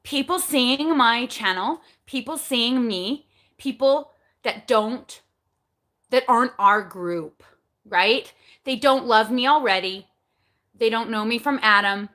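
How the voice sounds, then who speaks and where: A woman's voice: fairly high pitch, takes it slowly, fairly bright tone. A woman in her forties hosting a casual live chat, candid and chatty, often asking herself questions and answering them, then giving step-by-step coaching advice. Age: 40s. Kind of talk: casual live-stream talk.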